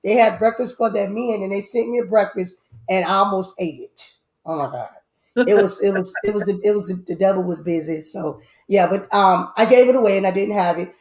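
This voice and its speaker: A woman hosting a casual live-stream chat, animated, with loud outbursts and a lot of repeating herself. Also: mid-range voice, brisk. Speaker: host. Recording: echoey room.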